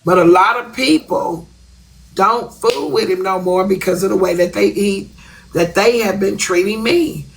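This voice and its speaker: A woman's voice: medium pitch, a little slow, gravelly, a little hiss or hum, poor audio. A woman talking bluntly on a live stream, repeating herself for emphasis. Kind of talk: casual live-stream chat.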